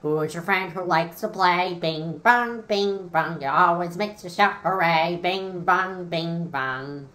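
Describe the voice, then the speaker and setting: A man's voice: high voice, slow, hardly any pauses, pushed and bright, full character voice. Bing Bong, a man doing a giddy imaginary friend. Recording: roomy echo.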